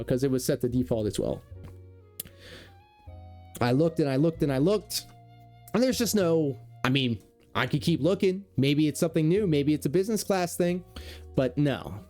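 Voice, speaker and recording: A man's voice: a little high, moderate pace, dark tone, faint music behind. A man who used to work as a cable technician, giving sarcastic, profane reaction commentary.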